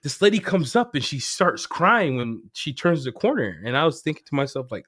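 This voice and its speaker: Brief: male co-host, fairly high voice, lively joking storyteller on a casual stream. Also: brisk, hardly any pauses. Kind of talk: casual livestream chat.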